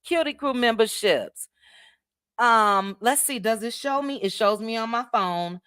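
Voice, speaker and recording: Midwestern woman, casual livestream host, talkative and friendly with chat; smooth, resonant tone, dry recording. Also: fairly high pitch, a little slow, a bit bright, no room sound. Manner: chatty, thanks viewers by name, drops "child" asides. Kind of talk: casual livestream chat reading viewer comments.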